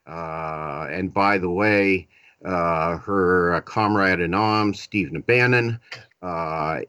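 A man's voice: lowish voice, a bit bright, dry recording. A man with a Boston accent hosting a live political talk radio show, chatty and self-deprecating, with frequent "uh" fillers.

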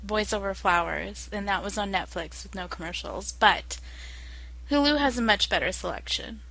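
A young adult woman in casual chat, talking slowly and hesitantly with many fillers. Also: medium pitch, creaky, pushed and bright, no echo, poor audio. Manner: slow, hesitant, lots of fillers.

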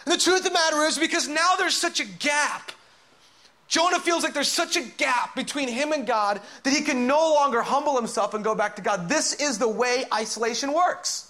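A man delivers a sermon in a high voice. He swings from loud, urgent calls to hushed, whispered asides as he acts out the doubts of his listeners. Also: normal speed. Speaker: pastor.

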